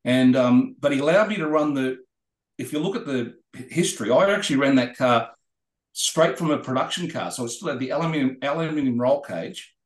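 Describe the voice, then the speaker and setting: An Australian man, a guest racer, telling rambling, animated anecdotes in a podcast interview. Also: medium pitch, brisk, reverberant. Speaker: guest racing driver.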